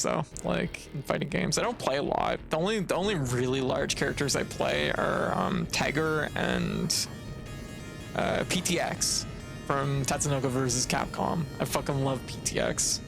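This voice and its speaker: Gravelly, profane game streamer from Canada. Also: medium pitch, normal speed. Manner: profane, exasperated ranting with frequent laughs. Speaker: livestreamer. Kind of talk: casual gameplay commentary. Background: video game music.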